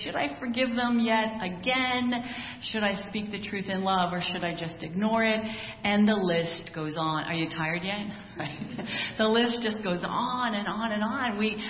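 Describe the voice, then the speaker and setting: A woman's voice: mid-range voice, fairly bright tone, a little hiss or hum. A woman preacher giving a conversational sermon, opening with a prayer and asking rhetorical questions. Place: church hall. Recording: echoey hall, dull sound.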